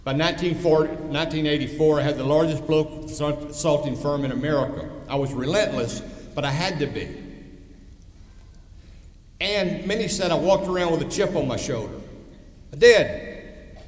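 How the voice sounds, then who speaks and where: Older man, commencement speaker, higher-pitched voice, blunt and emphatic, echoey hall with long reverb. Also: a little fast. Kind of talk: commencement address. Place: large hall.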